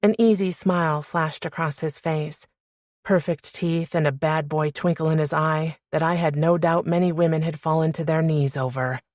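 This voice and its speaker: Female audiobook narrator, low voice, dry close mic, first-person romance. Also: fairly even intonation, moderate pace, a little mellow, no room sound.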